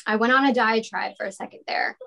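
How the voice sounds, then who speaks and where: A woman moderates a livestreamed panel from her own setup, her voice sitting a little high. She talks earnestly and conversationally, with ums between her thoughts, as she steers the discussion over a video call. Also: fairly even intonation, fast talker, creaky, fairly bright tone.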